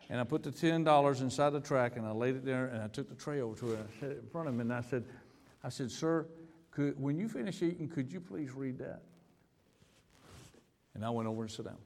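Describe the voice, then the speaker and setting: Male American pastor, storytelling sermon voice, medium pitch, long church reverb. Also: a little fast. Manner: storytelling, repeats words, stammers on restarts. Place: church sanctuary.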